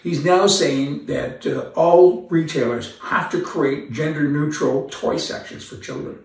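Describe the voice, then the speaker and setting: A man's voice: fairly high pitch, a little slow, vocal fry. A man hosting an opinionated commentary monologue, rambling and sarcastic, with asides and repeated words. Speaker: commentary host. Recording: very echoey room, voice from a distance.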